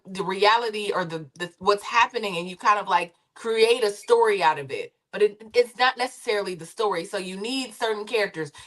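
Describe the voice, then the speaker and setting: A woman's voice: medium pitch, fairly bright tone. Rambling woman, former TV producer. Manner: rambling and conversational, with many fillers and restarts. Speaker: panelist, former reality TV producer. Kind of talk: casual panel discussion.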